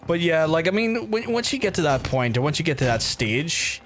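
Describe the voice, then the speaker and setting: A man's voice: on the high side, big pitch swings, moderate pace, fairly bright tone, soft background music. An Irish man chatting to his stream while he plays, rambling, restarting and swearing freely. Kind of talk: casual gaming commentary.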